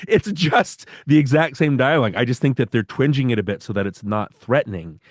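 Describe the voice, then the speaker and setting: An enthusiastic man hosts a casual film podcast, rambling and restarting as he goes. His voice sits at a middle pitch. The sound is dry and close, with no room echo. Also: fairly quick. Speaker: podcast host.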